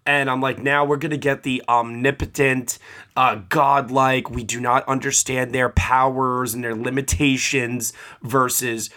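A man's voice: mid-range voice, little pitch movement, unhurried, sharp tone. A man co-hosting a casual film review chat, ranting at length with many fillers. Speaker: film podcast co-host.

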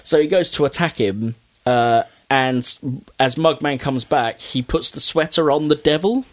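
A man's voice: medium pitch, measured pace. A man casually recapping a cartoon episode, acting out the characters' lines as he goes. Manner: animated storytelling, acting out characters' lines with raised voice. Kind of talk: casual chat.

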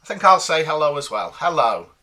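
A man's voice: a little high, sing-song, a little fast, sharp tone. A man cohosting a casual podcast, teasing his cohost and reading out listener messages. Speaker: podcast co-host.

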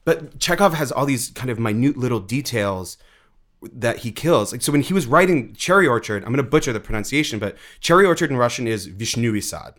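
A man talking as an interview guest about theater, animated, often saying "like" and "dude" and acting out voices. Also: fairly quick. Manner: animated, acts out quoted voices with big pitch jumps; heavy use of "like" and "dude". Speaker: interview guest, actor and writer. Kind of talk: casual conversation.

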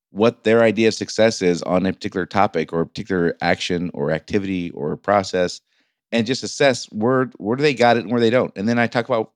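A man's voice: fairly low pitch, dry recording, clean studio sound. A middle-aged man hosting a solo business podcast, talking informally and often stumbling and restarting his sentences. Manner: informal, stumbling over words with many restarts. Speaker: podcast host and business coach.

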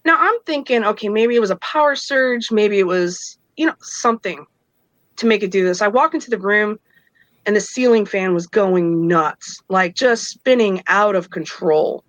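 A woman's voice: medium pitch, normal speed, fairly bright tone, no room sound, poor audio. A woman in her thirties casually telling a personal story, acting out the voices of others and laughing between lines. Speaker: guest telling her own experiences.

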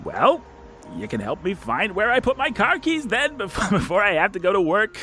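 A man plays an anxious young man who stammers and laughs nervously through a proposal, his voice high and swinging widely. His lines are halting and full of restarts, with soft music underneath. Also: very animated, heavily acted. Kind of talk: audio drama acting.

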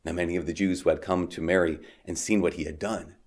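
A man reading scripture in a measured, solemn way, then giving a chatty homily as a priest, full of "like" and "um". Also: low-pitched, fairly even intonation, a little mellow. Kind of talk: Gospel reading and casual homily.

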